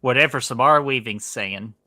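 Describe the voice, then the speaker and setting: A man's voice: medium pitch, brisk, pushed and bright, no echo, clean studio sound. A man guesting on a casual film review chat, joking and swearing. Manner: joking and profane.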